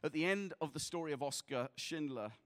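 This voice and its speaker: Male pastor, sermon, earnest, repeats himself, slightly high voice. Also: a little fast. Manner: earnest, repeats words, rises to passionate exhortation then quiet prayer.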